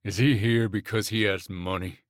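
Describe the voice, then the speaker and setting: A man's voice: medium pitch, lively intonation, moderate pace, no echo, clean studio sound, close to an everyday voice. A man voicing a blunt, hot-tempered young male rancher in his late twenties who talks in a brash, accusing way.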